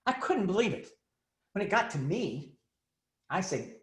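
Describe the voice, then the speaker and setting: Here the older Texan caregiving author and speaker talks in a high voice, unhurried and pausing often, in a reverberant space. His humorous storytelling is animated, and he acts out the voices within his anecdotes.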